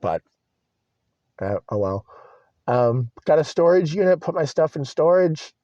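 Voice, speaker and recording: A man's voice: a little high, sing-song, unhurried, mellow, dry recording. A young man venting in a rambling, agitated monologue from inside his car, swearing and repeating himself. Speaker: vlogger. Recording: dry, muffled lo-fi recording.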